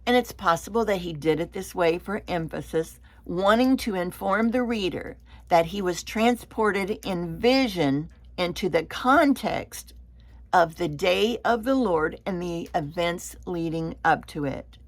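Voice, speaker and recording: A woman leading a Bible study lesson, explaining slowly and deliberately and sometimes repeating a word as she goes. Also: fairly low pitch, animated.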